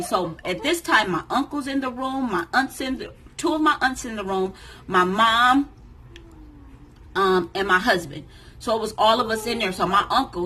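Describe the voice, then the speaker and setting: A woman in her thirties, a vlogger, telling a personal story to camera in an emotional, animated way, acting out what others said. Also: on the high side, measured pace, low-quality recording. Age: 30s. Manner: emotional, animated retelling that acts out others' lines.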